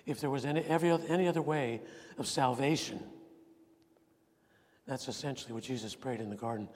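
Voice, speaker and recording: A man preaching a sermon with earnest emphasis, swinging between ringing points and quiet, intense asides. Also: medium pitch, fairly quick, pauses often. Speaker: pastor. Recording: long reverb of a large hall.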